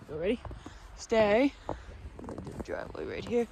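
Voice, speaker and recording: A woman's voice: mid-range voice, expressive, a little slow, pauses often, darkish tone, slight background noise. A young woman vlogging outdoors in the snow, playful and chatty as she coaxes her dog, a little out of breath. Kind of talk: casual vlog playing with her dog.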